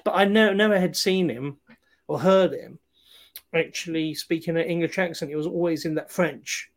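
A man talks casually about films over a remote call. His voice sits a little high for a man. He rambles and hesitates, full of fillers and restarts. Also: moderate pace.

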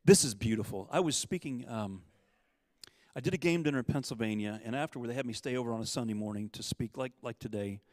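A man's voice: medium pitch, fast, a little mellow, no room sound. Man preaching a conversational sermon. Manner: storytelling, asks listeners questions. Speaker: guest speaker at a church service.

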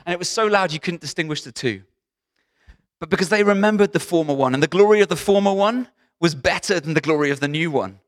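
A man preaching a sermon as pastor, talking in a lively, conversational way with frequent asides to the congregation. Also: fairly high pitch, fast talker.

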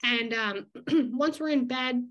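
A woman's voice: on the high side, takes it slowly, a bit bright, dull audio. A young woman vlogger chatting casually about her daily routine, full of "like" and easy laughs. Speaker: illustrator vlogger. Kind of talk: casual vlog chat.

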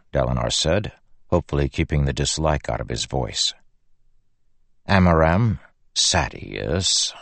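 A man reading a fantasy audiobook in a steady, grave manner. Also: rumbling low, dry recording. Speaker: audiobook narrator. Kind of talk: scripted fantasy narration.

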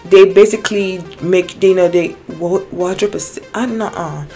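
Excitable young woman telling a story. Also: fairly low pitch, moderate pace, soft background music. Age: young adult. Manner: animated, excitable, many restarts and quoted dialogue. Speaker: vlogger. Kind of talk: casual personal storytelling to viewers.

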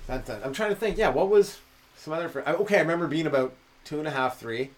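A man, a stand-up comedian rambling through a solo comedy podcast and jumping into loud voices for the people he quotes. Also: on the high side, quick pace. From Canada.

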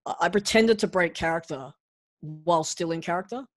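A man being interviewed as a guest, telling stories in a lively way and often restarting his sentences. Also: fairly high pitch, brisk. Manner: animated anecdote-telling with frequent restarts. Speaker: guest, actor and pro wrestler. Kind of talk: casual interview storytelling.

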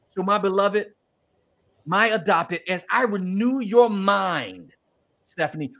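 A man speaking as God, slowly and solemnly affirming a beloved daughter in a devotional role-play. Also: high voice, a bit bright, exaggerated voice.

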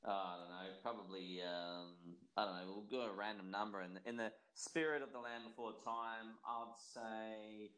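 A man's voice: fairly low pitch, steady tone, moderate pace, few pauses, fairly bright tone, low-quality recording. A man co-hosting a podcast in casual, rambling chat, full of ums and laughter. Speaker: podcast co-host.

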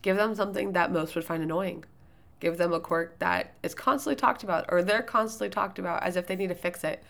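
Loud, chatty woman with a low gravelly voice. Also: fairly quick. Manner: chatty, rambling, with many fillers and restarts. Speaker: podcast host giving writing tips. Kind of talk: casual solo talk.

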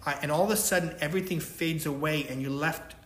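A man delivers a sermon with emphatic repetition, often asking "right?" to keep listeners with him. His voice sits a little high, and the room around him is echoey with a faint hum of ambience. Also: quick pace, fairly bright tone. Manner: emphatic, repeats points and asks "right?". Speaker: pastor.

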